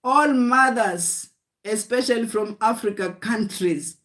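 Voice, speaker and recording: A woman delivers a livestream sermon in a fairly high voice, unhurried and deliberate. She repeats her short, emphatic lines of encouragement and keeps calling the audience "guys.". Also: a bit bright. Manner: emphatic, repetitive exhortation, often calling listeners "guys"; speaks in short declarations of faith. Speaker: preacher.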